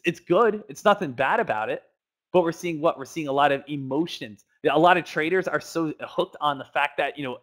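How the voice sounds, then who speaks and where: A fairly high-voiced man walks through a trading chart in a quick, energetic lesson. He keeps asking rhetorical questions and now and then acts out the voices of eager traders. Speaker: stock trading educator.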